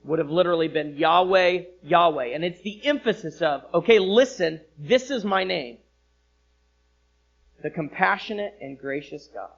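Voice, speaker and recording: Gravelly-voiced male pastor preaching. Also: moderate pace, dull audio. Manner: expressive preaching, rising for emphasis then dropping low. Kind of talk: sermon. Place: church sanctuary.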